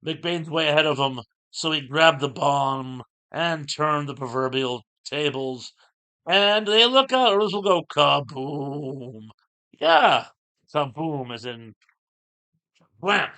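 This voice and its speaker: A man's voice: fairly high pitch, animated, takes it slowly, pushed and bright. A middle-aged man hosting his show, recapping a comic in a rambling, casual way with lots of fillers. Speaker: show host.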